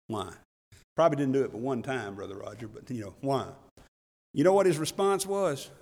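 A man's voice: medium pitch, big pitch swings, fast talker, vocal fry, darkish tone, slightly rough, in a large hall. A man preaching a folksy, conversational sermon as pastor, often laughing and repeating himself for emphasis. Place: church sanctuary.

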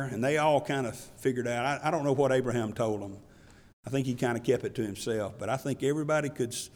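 A male pastor preaching a sermon in a folksy, conversational way, telling Bible stories and reading scripture aloud. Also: fairly low pitch. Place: church. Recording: reverberant church hall.

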